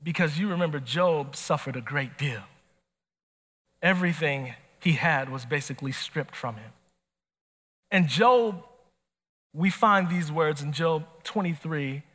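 A man preaching a sermon as pastor, animated and swinging from soft to shouting. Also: a little high, a little slow. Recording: long hall reverb.

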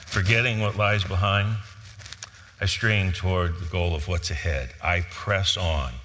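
A pastor preaching an animated sermon and reading scripture aloud. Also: male voice, sits low, long reverb tail.

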